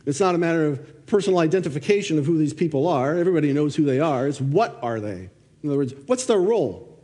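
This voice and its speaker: A man's voice: a little high, big pitch swings, fast talker, warm tone. A man preaching a sermon, reading scripture aloud and then explaining it with questions. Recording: long reverb of a church hall.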